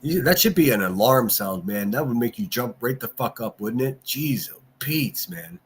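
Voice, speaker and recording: A man's voice: mid-range voice, expressive, moderate pace, a little hiss or hum. Profane, ranting man on a livestream. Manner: reads and answers chat. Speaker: livestream host. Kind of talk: casual livestream commentary.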